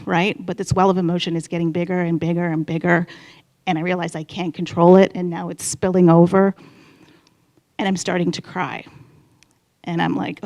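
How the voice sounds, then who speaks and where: A woman's voice: lowish voice, flat delivery, moderate pace, darkish tone. A woman in her fifties telling a candid personal story on stage at a live event, chatty and acting out her own inner voice. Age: 50s.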